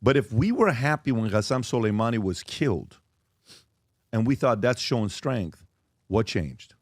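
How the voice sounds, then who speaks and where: A man's voice: on the low side, expressive, moderate pace, dry recording, clean studio sound. A man hosting a podcast panel discussion, earnest and questioning, thinking aloud. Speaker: podcast host.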